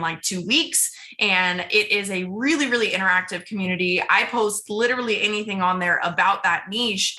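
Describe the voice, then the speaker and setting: A woman's voice: medium pitch, sharp tone. A young adult woman guest talking casually and eagerly in an interview, often repeating words for emphasis. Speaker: podcast guest.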